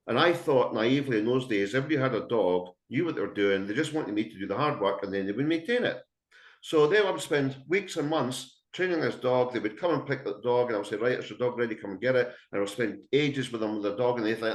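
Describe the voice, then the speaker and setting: A man's voice: medium pitch, fast talker. A middle-aged man, a dog trainer giving a blunt, emphatic webinar talk full of anecdotes to dog owners. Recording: echoey room.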